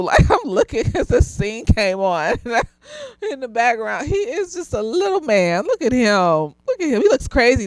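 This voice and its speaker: A woman's voice: mid-range voice, dry recording. A slightly tipsy woman, animatedly reviewing a TV show in casual chat, laughing often and swearing freely.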